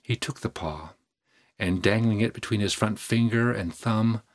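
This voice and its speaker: A man narrating a story aloud in a measured, even manner. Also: lowish voice. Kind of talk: audiobook reading.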